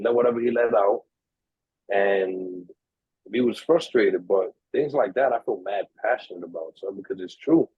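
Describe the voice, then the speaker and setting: Husky ny dude spinning a story, doing everybody's voices, sounds thin like a phone line. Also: male voice, medium pitch, no echo. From New York. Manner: animated storyteller, acts out quoted voices, swears freely. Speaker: podcast co-host. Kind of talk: casual storytelling chat. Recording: tinny, dry, narrow-band sound.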